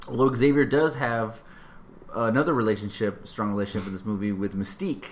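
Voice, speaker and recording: A man's voice: fairly low pitch, fairly even intonation, brisk, slight background noise. A man chatting casually about a film, rambling and restarting his sentences.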